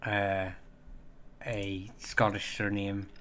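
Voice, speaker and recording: A man hosting a casual livestream and chatting with viewers in a rambling, halting way, with many fillers and restarts. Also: fairly low pitch, monotone, pushed and bright, slight background noise. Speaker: livestream host.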